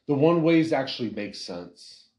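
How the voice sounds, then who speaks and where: A man's voice: medium pitch, very animated, moderate pace, darkish tone. A young man in casual, profane podcast banter who laughs often.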